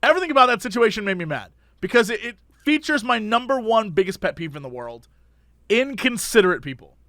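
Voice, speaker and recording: A high-pitched man with a bright, lively voice rants about his pet peeves in a casual podcast chat. His voice swings up and down as he talks, recorded dry and close to a studio mic. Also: fast talker, no echo. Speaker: podcast co-host.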